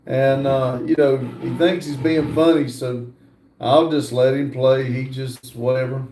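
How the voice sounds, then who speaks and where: An older man hosting a livestream, reading viewer comments aloud and answering in a relaxed, casual way. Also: mid-range voice, echoey room, background noise. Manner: slow, laid-back reading of comments aloud. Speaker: livestream host reading chat.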